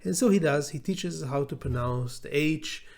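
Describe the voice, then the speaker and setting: Man, Israeli accent, middle-aged, law professor lecturing, somewhat high voice, hesitant, frequent fillers. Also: normal speed, gravelly. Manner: hesitant, many fillers and restarts. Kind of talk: unscripted lecture.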